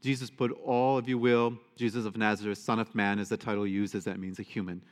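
A man's voice: fairly low pitch, little pitch movement, fast talker. A man, a priest, giving a conversational homily to his congregation, with fillers and asides. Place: church. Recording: long church reverb.

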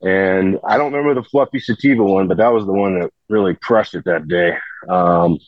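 A man's voice: low voice, brisk, dry recording, highs cut off. A man telling a long, rambling story in casual conversation, full of fillers and restarts. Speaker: podcast guest telling stories.

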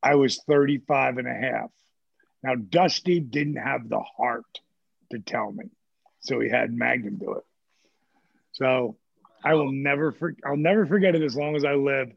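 A man's voice: mid-range voice, unhurried, vocal fry, husky, no echo. A man in his sixties telling casual, profane stories and acting out the quotes. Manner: profane, animated, acts out quotes. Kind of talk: casual storytelling. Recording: dull, muffled audio.

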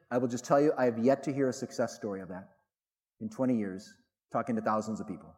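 A middle-aged man, a theologian, gives a public talk to a live audience, telling stories with animated delivery and emphatic repetition. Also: medium pitch, fast. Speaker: theologian and speaker. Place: large hall with audience. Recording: long reverb in a large hall.

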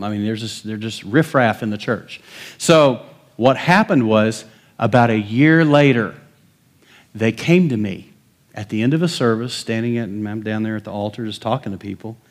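A middle-aged man, a pastor, delivering a folksy sermon full of stories, often chuckling and acting out the people he quotes. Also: lowish voice. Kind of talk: sermon with storytelling.

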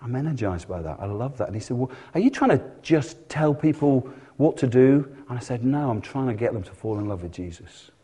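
A man's voice: medium pitch, lively intonation, a little fast, few pauses, mellow, breathy edge. A male pastor preaching a sermon in a church, telling stories and acting out voices in dialogue.

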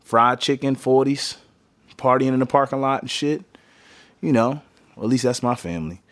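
A man hosting a casual podcast, rambling and joking as he goes. His voice sits at an everyday middle pitch. He is recorded in a small home studio. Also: normal speed. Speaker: podcast host. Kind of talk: casual chat.

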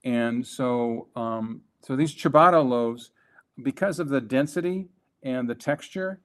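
The speaker, a male guest and ex-franchise executive, narrates a business story in conversation. His voice is mid-range; he is emphatic and lively, often breaking off to restart.

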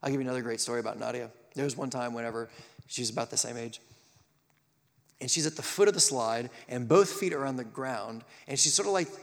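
A man preaching a live sermon, animated and acting out the quotes and stories he tells. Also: mid-range voice, quick pace, vocal fry, big-room sound.

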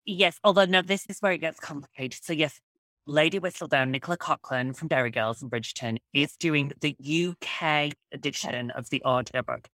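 A woman author telling stories in an enthusiastic, quick interview chat. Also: sits low, dry recording. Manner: animated, quick storytelling. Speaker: author guest.

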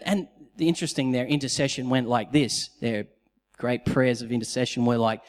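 A pastor preaching a sermon, telling the story in an animated way and acting out the quotes. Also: male voice, medium pitch, moderate pace. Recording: long reverb of a large hall.

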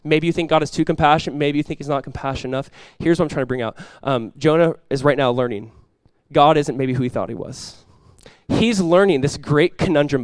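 A man preaching in a fairly high voice, chatty one moment and forceful the next as he drives home his points. The sound is dry and close, with little room around it. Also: animated, a little fast, dry recording. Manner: conversational and emphatic, rising to loud passionate peaks. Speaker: pastor. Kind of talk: sermon.

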